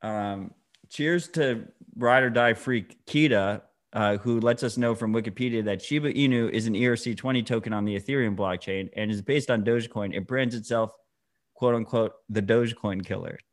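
A man's voice: lowish voice, normal speed. Blunt, heated man cohosting a podcast. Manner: blunt, heated, swears a lot. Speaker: podcast co-host. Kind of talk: casual chat.

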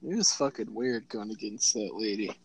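A man's voice: on the low side, normal speed, vocal fry, husky. A man co-hosting a podcast, telling stories in crude, profane casual chat, laughing often and acting out what other people said. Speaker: podcast co-host.

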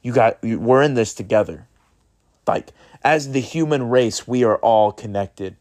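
A man's voice: mid-range voice, a little slow, a little mellow. A man hosting his own podcast, talking in an earnest, rambling way and swearing freely as he urges listeners toward kindness. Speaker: podcast host. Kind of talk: casual motivational monologue.

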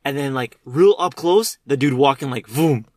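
A young man chatting casually with friends, telling animated stories full of swearing and fillers. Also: mid-range voice, no room sound, studio quality. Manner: fast, animated storytelling, heavy swearing and filler. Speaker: friend chatting about movies. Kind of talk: casual chat.

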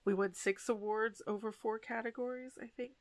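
A woman's voice: a little high, fairly even intonation, moderate pace. A woman co-hosting a podcast, chatting casually and animatedly, swearing now and then. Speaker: podcast co-host. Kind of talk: casual chat.

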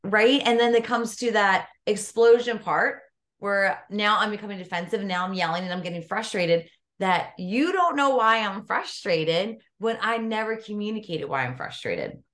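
A woman hosts a casual podcast conversation with an energetic, affirming manner. She bounces off her guest's points and checks in with a quick "right?". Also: mid-range voice. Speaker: podcast host and coach.

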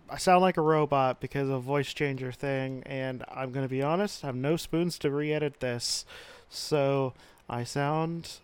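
A man hosting a podcast, giving a rambling, self-deprecating casual intro with halting restarts. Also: mid-range voice, smooth, no room sound. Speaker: podcast host.

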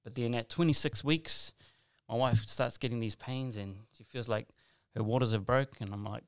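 A man's voice: medium pitch, steady tone, normal speed, clean tone, no echo. A man telling a personal story in casual conversation, rambling and earnest with lots of asides and restarts.

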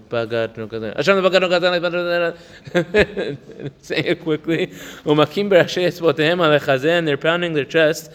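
A man leads a study session on a religious text. He races through Hebrew passages, then explains them in English in a chatty way, tossing in "right?" as he goes. His voice is smooth and resonant, and it trails off in a long reverb. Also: a little high. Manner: chatty, asks "right?" often. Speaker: Torah teacher.

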